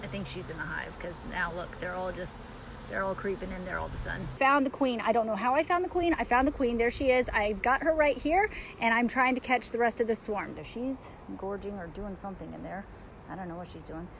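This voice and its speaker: A woman beekeeper talking chattily while filming in her backyard, excitable, laughing often and coaxing the bees. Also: medium pitch, a little fast, gravelly, noisy background. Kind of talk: casual outdoor vlog narration. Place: backyard outdoors.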